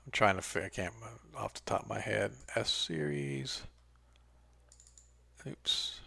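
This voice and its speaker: A man's voice: on the low side, measured pace, creaky, sharp tone, breathy edge, no room sound. A man acting as game master, chatting loosely and trailing off mid-sentence while he sets up maps for an online game. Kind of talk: casual pre-game chat.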